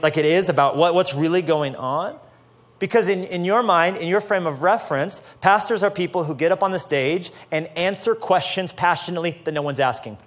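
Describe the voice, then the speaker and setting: A man preaching a casual, joking sermon to a church audience, building up to loud, passionate peaks. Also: a little high, slight background noise. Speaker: pastor. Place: church stage before a live audience.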